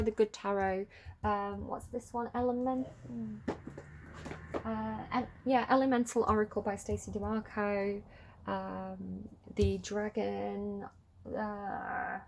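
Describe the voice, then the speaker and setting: A woman's voice: mid-range voice, vocal fry, noisy background. A woman giving a casual collective tarot reading, chatty and rambling with many fillers. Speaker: tarot reader.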